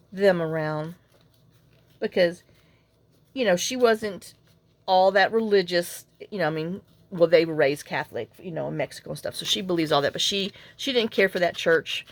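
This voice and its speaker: A woman with a low-pitched, creaky voice hosts a crafting channel. In this casual tutorial she chats and rambles while walking viewers through her work.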